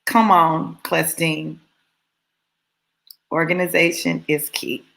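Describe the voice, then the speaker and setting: A woman giving a casual, animated testimony to live viewers, repeating phrases for emphasis as she tells her story. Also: deep voice, takes it slowly, gravelly, poor audio. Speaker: motivational speaker addressing live viewers.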